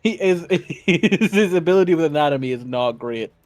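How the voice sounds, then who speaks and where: A man's voice: on the high side, animated, normal speed, no echo, faint music behind. A man playing in a tabletop game, rambling with frequent laughs and restarts. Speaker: player. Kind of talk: casual tabletop game chat.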